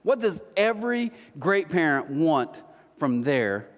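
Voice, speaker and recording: A pastor talks slowly in a very animated voice on the high side. He tells humorous stories and teases the people listening during his sermon. It's recorded in a large church auditorium with long hall reverb.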